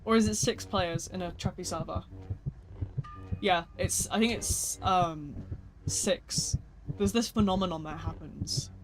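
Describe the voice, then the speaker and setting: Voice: mid-range voice, unhurried, soft background music. Sleepy, yawning slangy game streamer. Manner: slangy, rambling, self-mocking. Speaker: gaming livestreamer. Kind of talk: casual livestream chat while playing.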